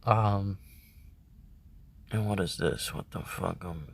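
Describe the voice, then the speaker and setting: A man talks at a middling pitch in a loose, rambling way, swearing freely and breaking into laughter. His voice sits dry and close, with no echo around it. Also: lively intonation, a little slow, gravelly, a bit bright. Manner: rambling, profane, laughs often. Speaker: host. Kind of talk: casual vlog commentary.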